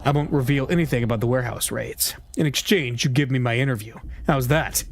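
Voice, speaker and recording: A man's voice: medium pitch, a little fast, close to an everyday voice. A man voicing a cocky, taunting adult male journalist in a game read-through. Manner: taunting, wisecracking.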